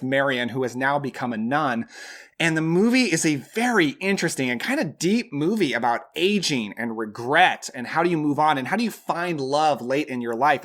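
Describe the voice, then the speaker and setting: Male host, fairly high voice, eager and emphatic countdown review. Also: fairly bright tone. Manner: enthusiastic, emphatic. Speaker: movie reviewer.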